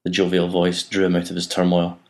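A man narrating an audiobook in an even, measured reading. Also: sits low.

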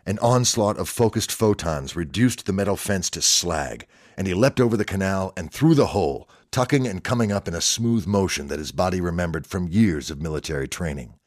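A man narrating a written story in a steady, measured reading. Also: low-pitched, no room sound, clean studio sound.

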